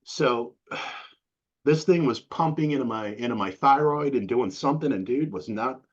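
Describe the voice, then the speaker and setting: A man's voice: mid-range voice, a little slow, husky. A middle-aged man as an interview guest, talking in a rambling, profane, casual way and saying "dude" a lot. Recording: dull lo-fi recording.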